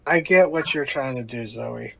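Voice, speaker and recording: A man voicing a guarded, weary company agent who speaks in measured, halting phrases. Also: medium pitch, vocal fry, slightly rough. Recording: muffled online call audio.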